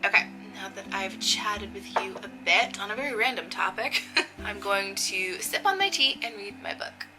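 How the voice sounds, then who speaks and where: A woman's voice: mid-range voice, low-quality recording. A young woman vlogging in a casual chat to camera, talking chattily and laughing often.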